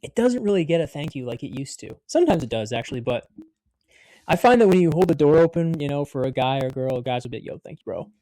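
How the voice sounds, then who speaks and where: He's a vlogger from the United States, in his twenties, whose fairly high, mellow voice stays animated and fast on a dry recording. Telling a story to camera, he rambles casually, throws in "like" again and again, and swears freely.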